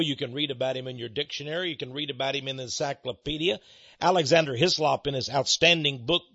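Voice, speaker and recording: A man's voice: medium pitch, fast, bright, forceful tone, no echo. A man with a Texas accent hosting a radio talk show, folksy and emphatic like a preacher, heard on a dull lo-fi broadcast. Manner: folksy, emphatic preacher-like delivery with dramatic rises. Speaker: radio ministry host.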